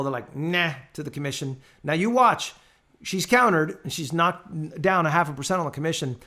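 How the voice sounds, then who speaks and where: Animated man teaching a real estate class. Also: fairly high pitch. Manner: animated storytelling, acts out his clients' voices. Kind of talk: casual live training session.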